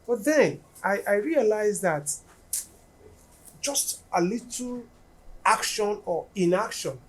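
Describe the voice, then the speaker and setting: A woman's voice: mid-range voice, animated, slow. A woman, telling a personal story in a casual podcast chat.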